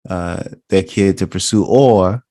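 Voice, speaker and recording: Podcast host guy, lowish voice, long winding questions, gets fired up. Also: unhurried. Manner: rambling, animated when making a point. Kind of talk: casual interview chat.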